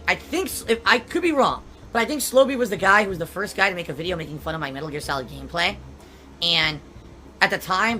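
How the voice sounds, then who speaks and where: A man's voice: sits high, bright, forceful tone, a little hiss or hum. A man live streaming, reading viewer tips aloud and answering them in a defensive, dismissive way, heard as a clip played back.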